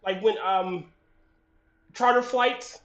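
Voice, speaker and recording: High pitched guy rambling and cursing, echoey lo-fi mic. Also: slow pace. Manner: rambling, restarts, swears freely. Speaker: podcast co-host. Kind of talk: casual chat. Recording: roomy lo-fi voice chat.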